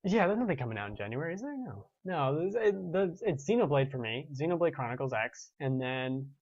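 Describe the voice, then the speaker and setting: A man's voice: on the high side, sing-song, brisk, darkish tone, no echo, highs cut off. A man in his twenties hosting a gaming show, chatting casually and rambling with restarts while reading viewer comments. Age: 20s.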